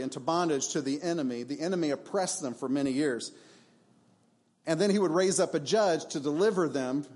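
A man preaches to his congregation in a church, using an emphatic, conversational style. His voice sits a little on the high side, and he leans on rhetorical questions and asides. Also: a little mellow. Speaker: pastor. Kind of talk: sermon.

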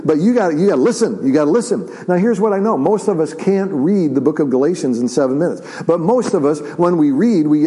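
A man preaching a sermon as pastor, chatty, with lots of restarts and tag questions, slowing down and quieting for solemn points. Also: a little high, rough recording. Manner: conversational with repeated restarts and "right?" asides; drops to slow, quiet, drawn-out delivery for solemn points.

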